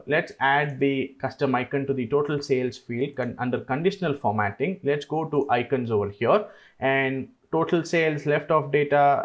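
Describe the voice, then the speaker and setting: A man hosting a screen-recorded software tutorial, explaining each step in a relaxed way with frequent "uh"s. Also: medium pitch, muffled recording. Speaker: tutorial host.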